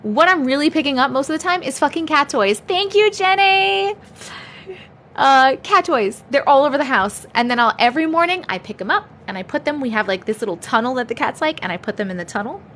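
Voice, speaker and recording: A woman's voice: high voice, animated, brisk, fairly bright tone, slight background noise. A young adult woman hosting a casual livestream chat from home, chatty, laughing often and swearing freely. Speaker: livestream host.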